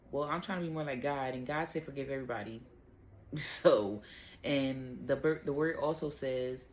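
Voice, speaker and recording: A woman's voice: deep voice, moderate pace, slight background noise. A young adult woman hosts a casual devotional talk, conversational with fillers and self-corrections. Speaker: host of a Bible talk.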